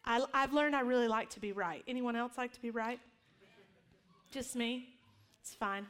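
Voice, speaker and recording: A woman's voice: fairly high pitch, fairly even intonation, moderate pace, a bit bright. A middle-aged woman pastor giving a sermon, telling stories in a conversational, humorous way and acting out quotes.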